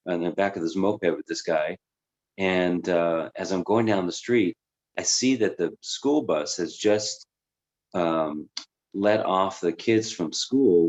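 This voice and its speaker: A man's voice: deep voice, unhurried. A man, a life coach, reflectively telling his own life story in a conversational way. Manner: reflective and conversational, with many fillers. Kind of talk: candid personal storytelling.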